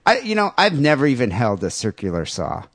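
A man's voice: mid-range voice, wildly swooping pitch, fairly quick, dry recording, studio quality. A man hosting a comedy podcast, joking and bantering casually. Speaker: podcast host.

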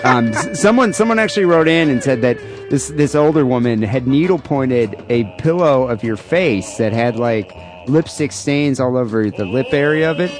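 A man co-hosting a podcast in casual, irreverent chat, animated and often restarting his sentences. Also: mid-range voice, normal speed, soft background music. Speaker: podcast co-host. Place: home studio in LA.

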